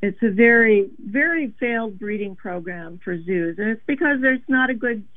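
A woman's voice: mid-range voice, animated, dry recording. Earnest woman on a tinny phone line. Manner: earnest, measured, explanatory. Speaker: animal advocate guest. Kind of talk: phone interview.

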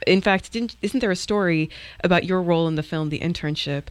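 An interviewer calmly posing long, carefully built questions to a guest. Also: mid-range voice, a little fast, no echo.

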